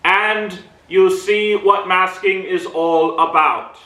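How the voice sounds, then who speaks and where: A man with a fairly high, bright voice talks through a casual movie review very slowly, stopping and starting with lots of fillers. He swings his pitch up and down in play. The sound is roomy and echoey, picked up by a camera mic set back from him. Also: steady tone, recorded from a distance. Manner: halting, with many pauses and fillers. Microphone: camera mic at a distance.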